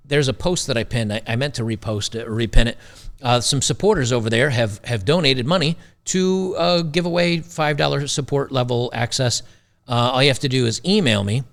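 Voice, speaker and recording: A man hosts a talk show and picks apart a video clip in a blunt, sarcastic, rambling way. His mid-range voice carries a gravelly fry throughout. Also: medium pitch, a bit bright. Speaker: show host. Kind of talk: commentary reacting to a video clip.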